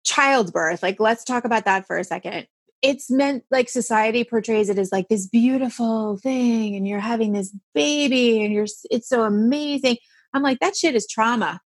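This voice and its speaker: A woman in her forties hosting a casual chat, frank and animated, swearing freely and laughing often. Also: fairly high pitch, moderate pace, no room sound. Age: 40s. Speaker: podcast host.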